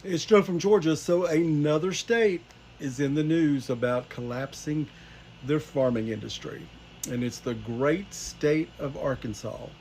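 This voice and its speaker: A man's voice: a little high, measured pace, darkish tone, slight background noise. A man delivering a political commentary monologue, addressing viewers directly as folks with emphatic delivery.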